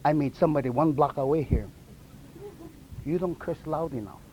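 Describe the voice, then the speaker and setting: A man telling his testimony in a sermon, in animated storytelling style with non-native English grammar and frequent laughter at his own stories. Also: a little high, normal speed, a little hiss or hum, poor audio. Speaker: preacher.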